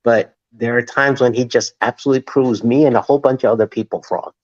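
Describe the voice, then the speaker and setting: A man on a sports livestream, sarcastic, stretching his stories out slowly. His pitch is ordinary. His audio comes through dull and lo-fi, like a weak stream feed. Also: steady tone. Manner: sarcastic, drawn-out storytelling. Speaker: co-host. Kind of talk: casual sports call-in chat.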